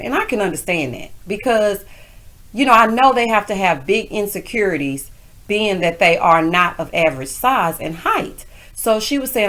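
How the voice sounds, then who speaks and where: A woman's voice: mid-range voice, lively intonation, normal speed, fairly bright tone. A woman giving a casual, sassy TV recap rant as host of her channel, calling her viewers honey and child. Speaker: TV recap reviewer.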